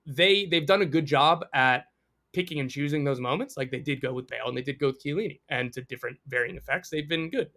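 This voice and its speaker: A man's voice: medium pitch, fairly bright tone. A man talking as a sports journalist guest in a casual podcast interview, candid and profane, laughing often.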